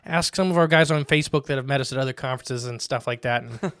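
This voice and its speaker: A man co-hosting a podcast, with a smooth voice recorded close and dry. He rambles cheerfully through announcements. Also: medium pitch, quick pace, fairly bright tone, dry recording. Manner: rambling, upbeat show announcements. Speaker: podcast co-host. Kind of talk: casual podcast chat.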